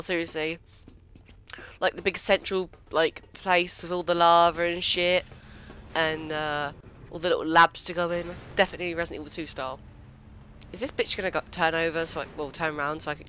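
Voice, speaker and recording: Excitable man playing a game, bright voice. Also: a little high, a little hiss or hum. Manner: excitable, squeals and swears when startled. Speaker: let's play gamer. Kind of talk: casual gameplay commentary.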